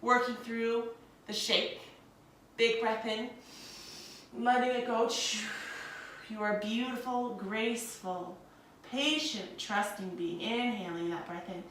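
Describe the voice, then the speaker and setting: A woman's voice: on the high side, fairly even intonation, slow, pauses often, fairly bright tone, a little hiss or hum. Young woman yoga teacher, soothing and encouraging, sounds far off in a really echoey room. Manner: soothing, encouraging, calls listeners friends. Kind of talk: guided yoga instruction.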